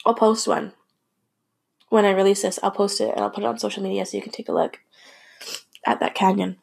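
A young woman shares a personal story in a loose, candid podcast style. She is emotional and unfiltered, cursing now and then and circling back on her own sentences. Her voice sits at an ordinary middle pitch. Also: little pitch movement, a little fast, gravelly, darkish tone, breathy edge. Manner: candid and emotional, with laughs, swearing and frequent restarts.

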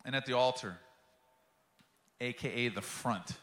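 A man's voice: mid-range voice, unhurried, fairly bright tone, reverberant. A man preaching a sermon as pastor, telling a story with passion and acting out the quotes.

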